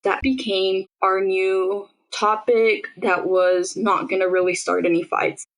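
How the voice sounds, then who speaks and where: A woman's voice: mid-range voice, steady tone, measured pace, rough recording. A young woman, a podcast interviewee, recounts her own experience in a casual, conversational way, often saying "like". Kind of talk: personal storytelling in an interview.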